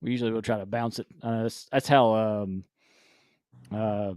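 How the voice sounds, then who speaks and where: A man's voice: on the low side, steady tone, normal speed, darkish tone, no echo. Rambling, laughing man host, dry sound. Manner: rambling, restarts, frequent laughs. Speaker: podcast host. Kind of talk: casual live-stream chat.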